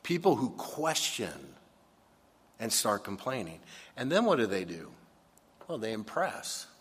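A man preaching a sermon in an animated way, sometimes acting out complaining voices. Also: on the low side, measured pace, breathy edge, big-room sound. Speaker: pastor.

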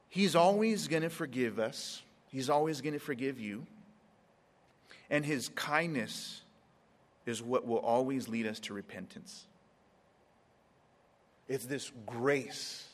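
A man preaching a sermon, drawing words out with dramatic pauses and acting out scenes in quoted voices. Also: mid-range voice, long reverb tail.

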